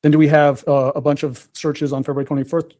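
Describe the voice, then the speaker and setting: Fast-talking man with a dark, flat voice. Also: on the high side. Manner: formal, repetitive questions. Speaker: prosecutor questioning a witness. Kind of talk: courtroom questioning.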